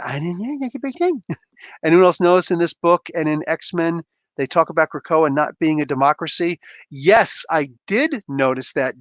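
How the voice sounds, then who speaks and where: A chatty man gives loose, rambling comic commentary in a fairly high voice. He laughs often and slips into raised voices for quoted lines. The sound is close and dry. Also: fairly bright tone, dry recording. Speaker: comic book reviewer. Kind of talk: casual live-stream commentary.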